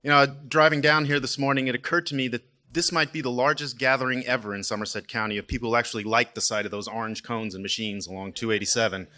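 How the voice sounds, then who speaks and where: A man's voice: mid-range voice, fairly even intonation, fast, sharp tone. A man opening a business event with welcoming, lightly humorous prepared remarks. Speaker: event host, editor.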